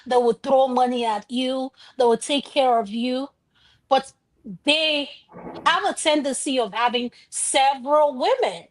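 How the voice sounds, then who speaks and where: A woman's voice: sits high, unhurried. A woman on a talk panel giving her opinions directly and firmly.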